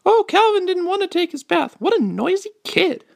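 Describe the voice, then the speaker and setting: A man putting on a high falsetto to voice a scolding mother of a small boy from a comic strip. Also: big pitch swings, normal speed, vocal fry, no room sound, clean studio sound, full character voice.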